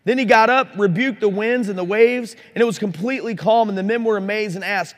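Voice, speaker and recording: A man's voice: sits high, fairly quick, few pauses. A man preaching a sermon at a Christian conference, earnest and challenging, asking his listeners direct questions. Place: conference hall. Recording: live recording in a reverberant hall.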